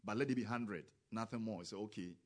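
Man preaching, emphatic, low-ish voice, surges to loud exclamations, acts out quoted voices. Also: fairly quick. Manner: non-native grammar, acts out quoted voices. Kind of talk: sermon.

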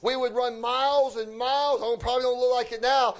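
A man preaching a fervent sermon, often shouting and lapsing into a sing-song cadence. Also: very high-pitched, fairly even intonation, fairly quick.

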